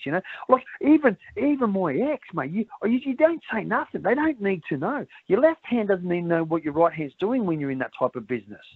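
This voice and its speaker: A middle-aged Australian man with a fairly high voice rambles through a candid interview, stumbling over repeated words and dropping "mate" into nearly every sentence. His voice comes through thin and phone-like, with a dry, close sound and no room echo. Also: slightly rough. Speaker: interview guest. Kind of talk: candid conversation.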